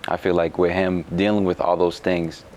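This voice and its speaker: A young man, a college basketball player, answering interview questions in a relaxed, halting way with many fillers. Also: low-pitched, slight background noise. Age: young adult.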